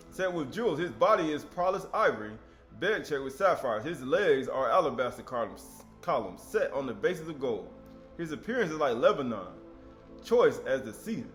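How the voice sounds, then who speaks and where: A man delivers a casual sermon in a fairly high voice, mixing scripture readings with street-talk asides and rhetorical questions. Faint music plays quietly beneath him. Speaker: preacher. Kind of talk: informal sermon teaching.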